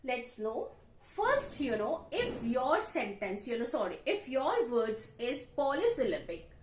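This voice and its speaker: A woman English teacher with an Indian English accent, explaining grammar slowly at a board and repeating her examples. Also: high-pitched, very animated, echoey room. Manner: explains slowly, repeats examples, frequent "you know" and "okay". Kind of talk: classroom grammar lesson. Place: classroom with a board.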